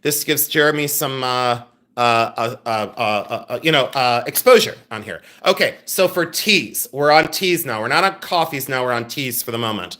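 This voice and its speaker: A middle-aged man hosting a live-stream sale, reading out viewer names and orders and making quick asides to his helpers. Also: mid-range voice, lively intonation, sharp tone. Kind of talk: live-stream selling chat.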